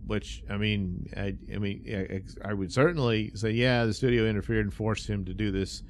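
A man's voice: fairly low pitch, fairly even intonation, moderate pace, a little hiss or hum. A man giving a casual, rambling film review, full of fillers, chuckles and sarcastic asides. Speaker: movie reviewer.

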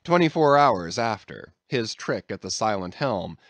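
A man's voice: fairly low pitch, big pitch swings, measured pace, no room sound. A man narrating an audiobook with a dramatic storytelling delivery. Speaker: audiobook reader. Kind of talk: scripted narration.

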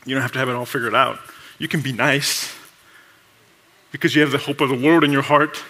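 A man preaching a sermon in a lively, conversational way, laughing often and acting out short exchanges with coworkers. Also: mid-range voice. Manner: acts out coworkers' voices in quick asides. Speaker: pastor.

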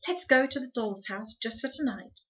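A woman reading aloud as a dreamy little girl, high and breathless with excitement. The voice is breathy, and the recording is dull and lo-fi. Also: moderate pace. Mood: breathless excited.

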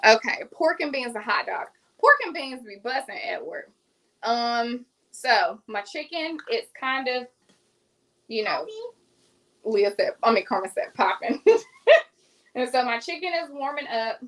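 A woman's voice: a little high, lively intonation, unhurried, a bit bright, rough recording. A woman in her thirties with a Southern US accent, chatting casually with viewers while cooking on a livestream. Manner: chatty, addresses viewers as y'all. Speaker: cooking vlogger hosting a livestream. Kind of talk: casual live cooking chat.

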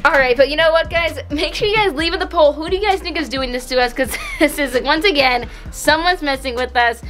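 Young woman vlogger, high and chatty, talks straight to viewers. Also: a little fast, over music. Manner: chatty, giggly, addresses viewers. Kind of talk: casual vlog chat. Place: outdoors at a park.

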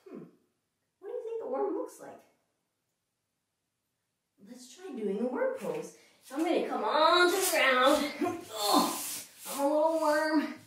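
Her voice sits high as she runs a sing-song yoga session for children, animated and playful, breaking into song and animal noises. She's a woman in her thirties, recorded from a distance in a very echoey room with slight background noise.

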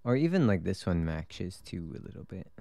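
A man's voice: low-pitched, big pitch swings, moderate pace, creaky, warm tone, no room sound. A man streaming a video game, chatting casually, laughing often and swearing freely. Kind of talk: casual gameplay chat.

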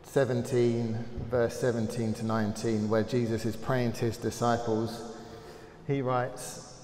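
A man with an English accent leading a Bible study, reading scripture aloud earnestly with frequent pauses and "um"s, recorded in a church hall. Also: medium pitch, flat delivery, a little mellow, a little hiss or hum. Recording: roomy hall echo with faint ambience.

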